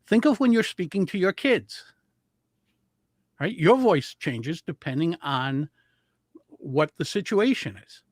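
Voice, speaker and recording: A man who coaches public speaking, talking as a guest and explaining voice and breathing techniques with animated demonstrations. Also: fairly high pitch, slow pace, long pauses, no echo. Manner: animated, demonstrates vocal intonation.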